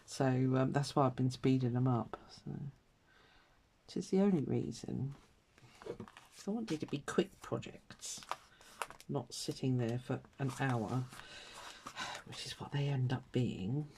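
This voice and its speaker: A woman's voice: a bass voice, unhurried, long pauses, noisy background. Chatty woman colouring. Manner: chatty and self-mocking, with little laughs and mutters to herself. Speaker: colouring vlogger. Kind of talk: casual chat while colouring.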